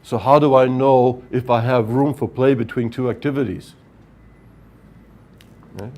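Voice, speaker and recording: A man's voice: medium pitch, fairly even intonation, a little slow, dark tone, a little hiss or hum. A man giving a workshop lecture on project management, explaining step by step and often checking with "right?". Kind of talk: technical lecture at whiteboard.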